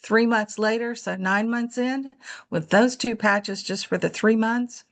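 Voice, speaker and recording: A woman's voice: a little high, a little slow. A woman on a video call earnestly telling a personal story as a webinar participant. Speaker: webinar participant sharing a testimonial.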